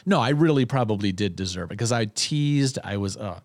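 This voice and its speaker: A man's voice: on the low side, animated, fairly quick, dry recording. A man in casual conversation, telling a self-deprecating childhood story with lots of restarts.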